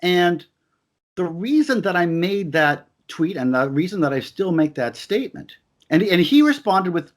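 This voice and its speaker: A man's voice: high voice, sing-song, measured pace. Emphatic man, stammering restarts. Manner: emphatic, repeats his points with stammered restarts. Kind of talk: heated conversational discussion.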